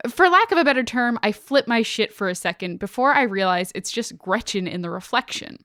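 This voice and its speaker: A woman's voice: fairly high pitch, expressive, fairly quick, pushed and bright, no echo, clean studio sound. A woman podcast co-host reading out a listener's spooky story in a casual, dramatic, swearing way.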